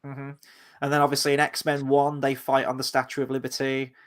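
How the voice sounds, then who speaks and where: A man, co-hosting a casual film-review podcast and talking about movies with relaxed enthusiasm. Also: medium pitch, fairly quick. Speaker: podcast co-host.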